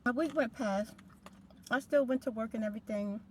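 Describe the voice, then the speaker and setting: A woman's voice: fairly high pitch, moderate pace, a little hiss or hum. A middle-aged woman hosting a storytime, talking casually in a rambling, conversational way. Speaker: ASMR storytime host.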